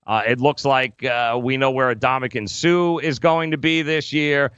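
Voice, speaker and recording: A man's voice: mid-range voice, fairly even intonation, unhurried, fairly bright tone, clear, resonant tone, no room sound, highs cut off. A man hosting a fantasy sports radio show, talking casually with lots of filler words. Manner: rambling with many fillers.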